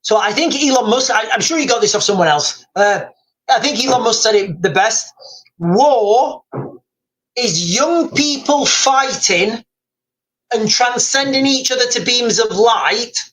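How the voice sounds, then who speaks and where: This livestream host is a British man whose voice is extremely high, fairly bright and lively in intonation, delivered at a measured pace. He rambles casually through the news, often dropping "guys" and "like," and the recording is low quality.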